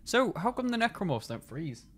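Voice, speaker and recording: A man's voice: sits high, sing-song, normal speed, slight background noise. A man co-hosting a horror let's play, commenting on his friend's play, teasing and swearing freely with frequent laughs. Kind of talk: casual gaming banter.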